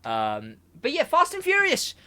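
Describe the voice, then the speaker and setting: A young man co-hosting a casual podcast, rambling and animated, laughing often. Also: very high-pitched, unhurried. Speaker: podcast co-host, gaming segment host.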